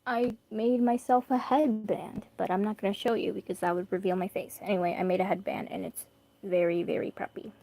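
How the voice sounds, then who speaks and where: A woman's voice: mid-range voice, steady tone, fairly quick, dark tone, no room sound. A young woman chatting casually and rambling while reading a story aloud on stream. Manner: rambling, self-deprecating, bursts of laughter.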